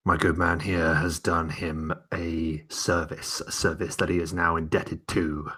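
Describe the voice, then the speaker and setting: A man's voice: low-pitched, flat delivery, measured pace, pushed and bright, slightly rough, heavily acted. A man voicing a haughty male knight who gives commands with open contempt. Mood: scornful.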